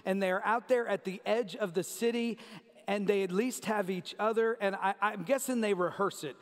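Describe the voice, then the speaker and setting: A man's voice: high-pitched, moderate pace. A man preaching a sermon in a conversational way, speaking to the congregation in a church sanctuary. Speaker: pastor. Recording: long church reverb.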